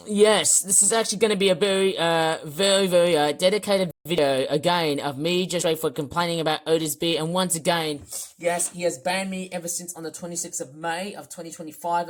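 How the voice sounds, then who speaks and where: A YouTuber rants and complains in a vlog, hurling insults in a voice strained from yelling, at a medium pitch.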